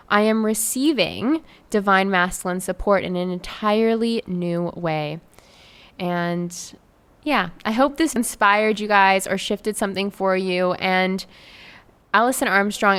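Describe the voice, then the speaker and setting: A young woman from Canada hosting her own podcast, telling a story in a chatty, effusive way with many fillers. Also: medium pitch. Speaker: podcast host and life coach. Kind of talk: casual solo podcast storytelling.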